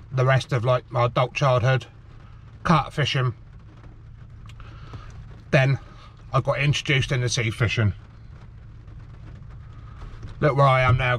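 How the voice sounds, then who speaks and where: A man's voice: medium pitch, fairly bright tone. Chatty middle-aged man talking round a sweet. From England, the Cotswolds. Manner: chatty, rambling, keeps calling viewers "guys". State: talking with a sweet in his mouth. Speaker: fishing channel host. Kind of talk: casual vlog chat to viewers. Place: outdoors on the shore of a harbour, light rain. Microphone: camera on a tripod.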